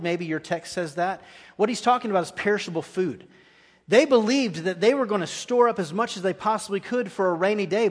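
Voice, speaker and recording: Earnest male preacher in echoey hall. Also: high-pitched. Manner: earnest, dropping to quiet intensity at key moments. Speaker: guest preacher. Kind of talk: sermon. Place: church sanctuary. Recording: long echoey hall reverb.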